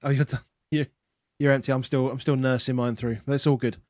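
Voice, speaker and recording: A man's voice: mid-range voice, little pitch movement, fairly quick, a little mellow, no echo, studio quality. A man co-hosting a casual sports podcast, chatty and rambling, laughing easily and restarting his sentences. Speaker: podcast co-host. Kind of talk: casual chat.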